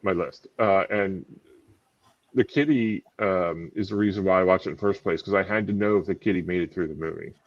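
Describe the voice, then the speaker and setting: A man's voice: deep voice, fairly quick, highs cut off. A man co-hosting a podcast, talking about a film hesitantly and repeating words. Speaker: podcast co-host. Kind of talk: casual film review chat.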